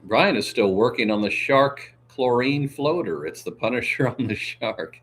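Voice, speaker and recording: A man's voice: medium pitch, lively intonation, measured pace, fairly bright tone, slight background noise. A man hosting a casual livestream, reading viewer comments aloud with a joking manner, lots of laughs and filler sounds.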